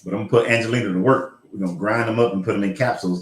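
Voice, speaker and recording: A man talking in a blunt, rambling way, with the odd curse and laugh. His voice sits a little low. He is heard in a room with a noticeable echo. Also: quick pace. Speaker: host. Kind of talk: casual livestream chat.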